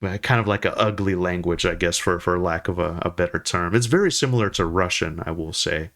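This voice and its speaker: A male podcast host in a casual conversation, halting often and searching for words. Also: deep voice, a bit bright.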